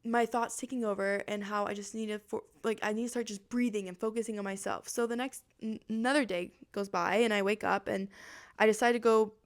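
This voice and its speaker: A woman's voice: medium pitch, fairly even intonation, brisk. A young woman, a podcast host, telling a personal story and acting out her own inner voice with animation.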